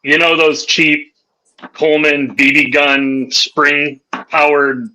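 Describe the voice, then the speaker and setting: A man's voice: fairly high pitch, flat delivery, slow, bright, forceful tone, poor audio. A man hosting a podcast, telling profane, rowdy anecdotes in casual chat and laughing through them. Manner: laughs through his stories. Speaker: podcast host.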